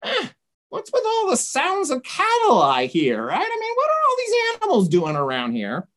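A woman performs a sly, stern old prophet interrogating a king, pitching her voice above her natural register. The delivery is heavily acted, high and fairly bright, with huge pitch swings at a moderate pace.

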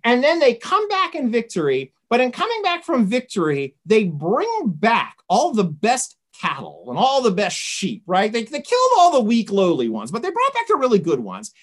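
Woman, Bible teacher, conversational, retells with asides, very animated pitch. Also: moderate pace, hardly any pauses. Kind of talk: Bible study lesson.

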